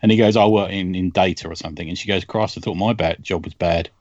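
Lively man retelling comic strips. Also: sits low, fast, lo-fi sound, a little hiss or hum. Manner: animated storytelling, laughs often, acts out quoted lines. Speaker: podcast host. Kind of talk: casual comics chat.

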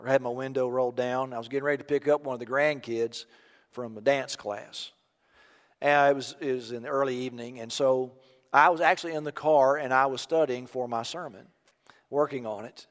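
An older man preaching a sermon as pastor, impassioned and rising to loud emphatic peaks. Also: mid-range voice, steady tone, fairly quick. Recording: long reverb of a large hall.

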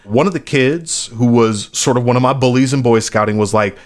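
A man's voice: mid-range voice, fairly quick. A man, a battle rapper from the Chicago area, telling stories in a loose, casual interview and acting out quoted voices.

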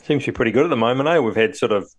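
A man's voice: medium pitch, expressive, racing. A man with a New Zealand accent, tired and laid-back, chatting as podcast co-host with casual slang and swearing.

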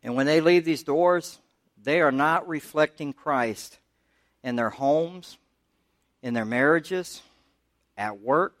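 Preaching pastor, plain dry sound. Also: male voice, slow, pauses often, a bit bright, no echo. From United States. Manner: conversational preaching, rising in pitch when pressing a point. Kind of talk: sermon.

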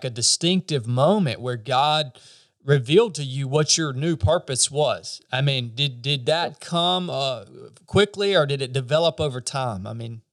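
A man hosting a casual interview, with a slightly raised pitch. He asks questions haltingly and relaxed, with many fillers. The sound is dry and close. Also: no echo. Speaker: podcast host.

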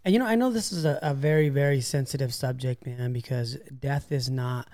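Mellow-voiced man reflecting on faith. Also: mid-range voice, brisk. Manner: reflective, affirming, casual fillers like "man" and "you know". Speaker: podcast co-host. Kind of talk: casual faith discussion.

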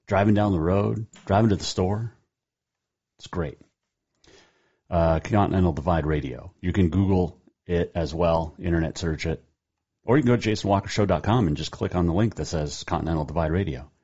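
A low-pitched man with a warm, slightly rough tone runs his own radio show. Folksy and rambling, he catches and corrects himself while chatting casually and delivering sponsor plugs over dull lo-fi audio.

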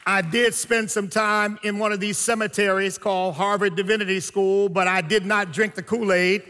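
High bright-voiced preacher in reverberant hall. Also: male voice, fairly even intonation, a faint crowd, a little hiss or hum. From United States. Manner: preaching with emphatic pauses and slow drawn-out phrases. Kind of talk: sermon.

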